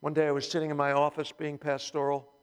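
A man's voice: on the high side, monotone, fast talker, clear, resonant tone. A male pastor preaching a sermon, telling the story with animation and humor, in a church hall. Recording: long hall reverb.

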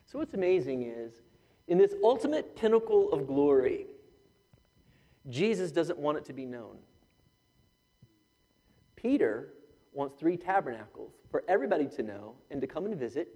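A man delivers a sermon with an animated, joking manner and acts out voices as he tells the story. His voice sits a little high for a man. The sound carries the long reverb of a church hall. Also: moderate pace, long pauses. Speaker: pastor.

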